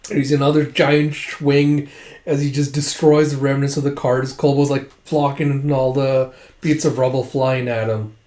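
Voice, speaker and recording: A man's voice: mid-range voice, normal speed. A man casually recapping a story, acting out the lines with lots of "he's like.". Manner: animated, acts out quotes, frequent "he's like". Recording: roomy echo.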